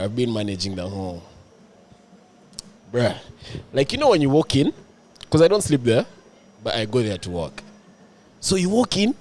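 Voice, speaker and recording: Male co-host, very lively pitch, easygoing storyteller, faint hiss. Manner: animated, calls listeners bro, laughs at himself. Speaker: podcast co-host. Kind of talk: casual storytelling chat.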